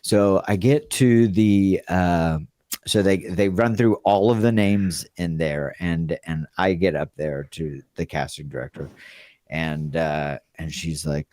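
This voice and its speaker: A man's voice: deep voice, takes it slowly, a little mellow, dry recording, clean studio sound. A man casually telling a rambling story about his acting start, often laughing as he goes. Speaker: guest storyteller.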